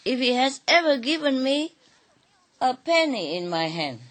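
Storybook casting: crafty old trickster mullah, teasing and mock-innocent, put on by a woman storyteller with a raised pitch. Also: big pitch swings, unhurried, fairly bright tone, exaggerated voice. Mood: sly.

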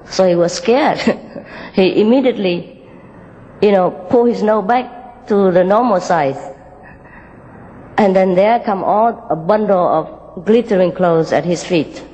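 A woman telling a moral fable and giving a spiritual talk, gently and with frequent small laughs, in loosely built English. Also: mid-range voice, measured pace, long pauses, long reverb tail, poor audio. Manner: gentle, laughs often, unpolished English grammar.

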